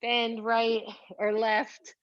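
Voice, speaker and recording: Woman, yoga teacher, very slow and steady cues, slightly high voice, a bit breathless, dull lo-fi sound. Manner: slow, calm cueing with breathy whoops of effort. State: a little out of breath. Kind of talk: guided yoga class instruction.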